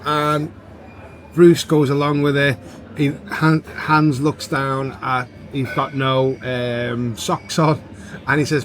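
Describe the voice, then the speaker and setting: A man's voice: medium pitch, level tone, measured pace, a little hiss or hum. A man co-hosting a casual film podcast, easygoing, recapping the plot with many fillers. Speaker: podcast co-host.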